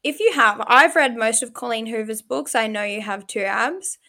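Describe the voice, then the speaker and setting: A woman's voice: a little high, expressive, normal speed, pushed and bright. A woman, co-hosting a podcast and reacting with gasps and laughter in casual chat. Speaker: podcast co-host.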